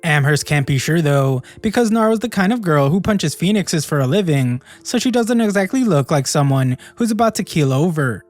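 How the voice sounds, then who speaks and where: A man's voice: on the high side, expressive, moderate pace, hardly any pauses, soft background music. A man narrating an anime recap in a snarky, jokey storytelling manner. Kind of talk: scripted narration.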